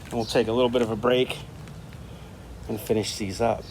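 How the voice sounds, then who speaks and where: An easygoing man gives a relaxed, chatty art lesson and thinks out loud as he works on a craft project. His voice sits at an ordinary middle pitch. Faint room noise hums underneath. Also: a little fast. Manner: easygoing, thinks aloud while drawing. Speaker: art teacher. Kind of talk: casual talk-along art lesson.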